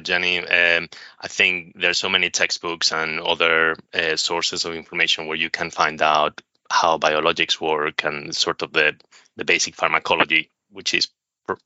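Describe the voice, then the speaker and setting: A male pharmacist with a low, strikingly bright and smooth voice explains in a calm, measured way. The recording is dry and slightly muffled, like a home podcast setup. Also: no echo. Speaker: specialist pharmacist guest.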